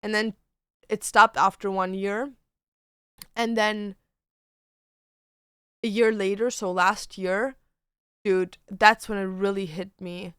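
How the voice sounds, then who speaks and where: A young woman who grew up speaking German, streaming, talking in a halting casual way full of fillers and restarts. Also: medium pitch, level tone, a bit bright, clear, resonant tone, dry recording, studio quality. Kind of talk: casual livestream chat.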